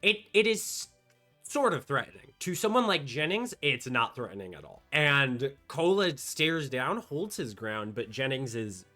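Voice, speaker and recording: A man's voice: mid-range voice, big pitch swings, a little slow, pushed and bright, soft background music. A man narrating as game master, describing scenes in a playful, descriptive way.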